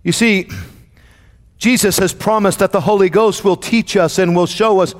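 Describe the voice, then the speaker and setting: A man's voice: high voice, steady tone, normal speed, in a large hall. A man preaching a sermon to his congregation, with a dramatic call-and-response cadence. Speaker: pastor.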